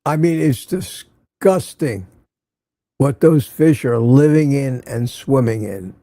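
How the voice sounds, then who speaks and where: A man's voice: mid-range voice, slow pace, mellow, dry recording. An older man from Central Florida hosting a casual morning livestream, rambling and reading out viewer comments. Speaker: livestream host.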